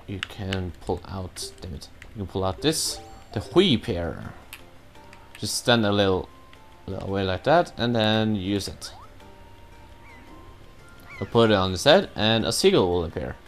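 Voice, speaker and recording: A man giving casual, rambling commentary while he plays a video game, cursing now and then at his own mistakes. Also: low voice. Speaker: let's play gamer.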